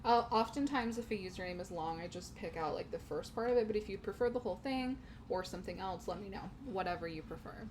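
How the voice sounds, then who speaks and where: A woman's voice: mid-range voice, fast, background noise. A young woman chatting casually to her viewers while streaming a game from home, laughing often. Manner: giggly, chatty, talks to chat. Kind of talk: casual gaming stream chat. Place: home room.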